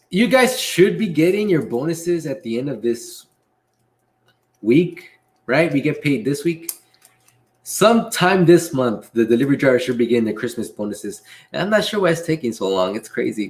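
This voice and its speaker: A young man hosting a casual livestream Q&A, reading chat messages aloud and answering in a relaxed way with frequent laughs. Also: mid-range voice, moderate pace. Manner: laid-back, reads chat aloud, laughs often. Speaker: livestream host and delivery driver.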